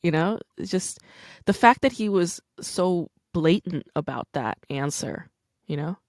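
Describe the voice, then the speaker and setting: Speaking a little slowly in a fairly low pitch, an American woman hosts an easygoing conversation. The studio-quality audio has no room sound, and her storytelling is candid and animated, full of "like."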